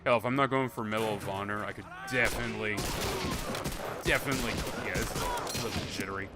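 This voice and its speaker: A game streamer casually commentates on his own live gameplay, rambling, joking and swearing plenty. His voice is on the low side and fast, and the recording is very noisy, with game music and gunfire behind him.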